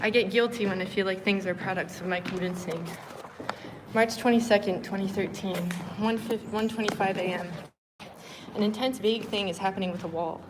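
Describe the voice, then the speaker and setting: A woman on a live stream, reading her diary entries aloud in a flat, deadpan way with casual asides. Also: medium pitch, fairly quick, background noise. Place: moving between venues and a car.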